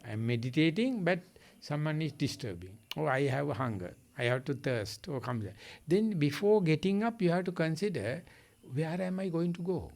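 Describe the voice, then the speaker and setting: Emphatic Sri monk teaching. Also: male voice, on the high side, expressive, moderate pace, creaky, a little mellow. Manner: emphatic, repetitive, plain-spoken. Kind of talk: dharma discussion answers.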